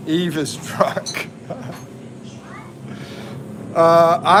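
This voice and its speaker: Casually hosting a livestream, an American man who lives in the Philippines reads viewer comments aloud, laughing and chatting at a slow, drawn-out pace. His voice is fairly high, with background noise in the recording.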